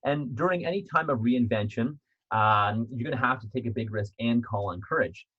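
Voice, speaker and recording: A man's voice: mid-range voice, fairly quick, sharp tone, breathy edge, lo-fi sound. A man giving a motivational self-help talk as author and speaker, earnest and repetitive, often restarting his sentences.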